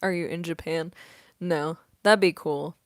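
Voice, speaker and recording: A young woman and voice actress chatting in a quiet, soft-spoken late-night Q&A at home, laughing often. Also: on the low side, fairly even intonation, unhurried, no echo, studio quality. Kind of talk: casual late-night Q&A chat.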